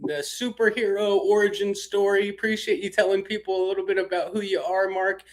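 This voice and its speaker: High-voiced man hosting a video call. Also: level tone, a little fast. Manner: friendly, loosely phrased questions with fillers. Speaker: host. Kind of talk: interview questions on a video call.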